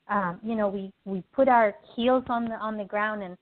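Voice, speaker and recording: Over a tinny phone line, a woman guesting on a podcast teaches everyday lessons in a casual, animated way, speaking in a mid-range voice at a moderate pace with few pauses. She acts out little scenes in quoted voices and keeps checking in with the listener by asking "okay?"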